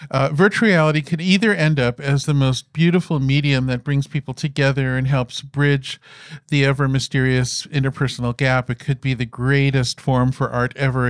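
A man in his fifties answers as a guest, his stories full of restarts, stumbles and fillers. His pitch sits in an average middle range. The recording is dry, with no room echo. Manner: rambling, with many restarts and fillers. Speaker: interview guest. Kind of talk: conversational storytelling on stage.

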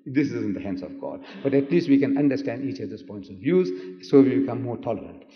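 A man's voice: mid-range voice, expressive, fast talker. A man giving a public debate lecture, emphatic and rhetorical, firing questions at the audience and getting them to repeat after him. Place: large lecture hall. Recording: old echoey hall recording, dull sound.

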